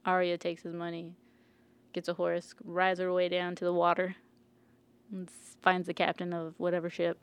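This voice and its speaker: A woman's voice: on the low side, normal speed, smooth. A woman in casual chat, animatedly retelling a TV plot and laughing often. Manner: animated storyteller, acts out characters, laughs often.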